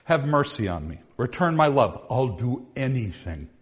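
A man's voice: mid-range voice, very animated, moderate pace, pitched below the performer's own voice, natural voice. A man voicing a lovesick young squire who begs desperately for a lady's love. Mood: pleading. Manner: pleading, desperate. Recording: dull lo-fi recording.

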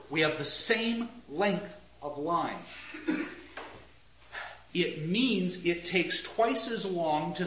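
A man giving a classroom lecture, talking deliberately and emphatically and slowing down to stress his points. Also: on the high side, fairly bright tone. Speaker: lecturer on Shakespeare. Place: classroom with a marker board. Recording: roomy, dull lo-fi lecture recording.

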